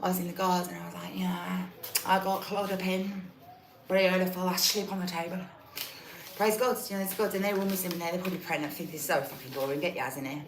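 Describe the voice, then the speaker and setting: A woman's voice: lowish voice, level tone, fast talker. Rambling, swearing woman, echoey. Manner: restless, swearing, jumps between topics. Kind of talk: rambling monologue. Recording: echoey room from far off.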